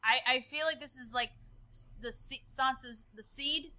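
A woman's voice: high-pitched, normal speed. A woman co-hosting a podcast, chatting casually and enthusiastically. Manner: enthusiastic, animated. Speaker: podcast co-host. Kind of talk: casual chat.

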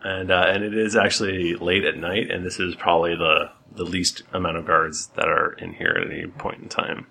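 A man running a tabletop game as game master, relaxed and a little hesitant with fillers. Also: low voice, normal speed, creaky, hardly any pauses, slightly rough.

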